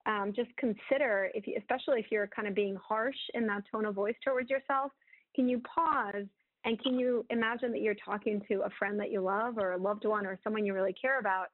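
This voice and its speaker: A woman's voice: mid-range voice, steady tone, a little fast, no echo. A woman giving advice on a webinar in a chatty way, with many fillers. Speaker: webinar speaker. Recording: tinny phone-like line.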